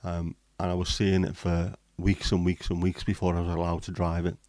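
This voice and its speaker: A man hosting a relaxed livestream, rambling between jokes and greetings to viewers. His voice sits very low with a dark, mellow tone. He talks in a flat, even line. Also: fairly quick, no echo, clean studio sound. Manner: rambling, jokey, chatting to viewers. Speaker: livestream host. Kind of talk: casual livestream chat.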